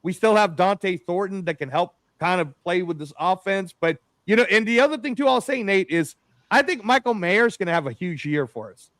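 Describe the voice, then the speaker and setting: Man, podcast host, high voice, dry sound, animated rambling talk. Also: brisk, dry recording. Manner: animated, rambling, says "bro" and "man" a lot. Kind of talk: casual sports podcast chat.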